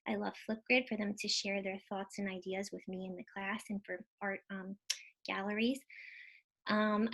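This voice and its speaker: A woman teacher presenting a live webinar in a casual, bubbly way, thanking viewers and muttering to herself while she fixes tech trouble on a computer mic. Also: mid-range voice.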